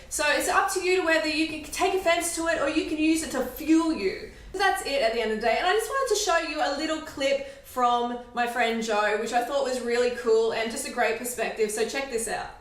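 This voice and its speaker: A high-voiced woman talks casually to camera, chatty and opinionated, laughing between points. She sits some way from the mic in a very echoey room, with faint noise behind her. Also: expressive, a little fast, hardly any pauses, a bit bright, far from the mic. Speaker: vlogger.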